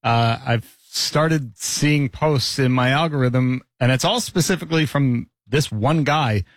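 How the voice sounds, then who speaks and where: A man co-hosting a morning talk show, telling a story in a casual, excited way and laughing often. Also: mid-range voice, unhurried, dry recording. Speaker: radio show host.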